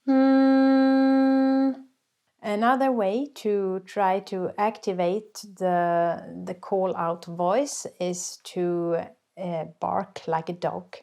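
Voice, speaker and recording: Slow, patient woman vocal coach. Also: mid-range voice, little pitch movement, warm tone. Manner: slow, patient explaining with sung and barked demonstrations. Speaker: folk singer and vocal coach. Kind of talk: workshop teaching.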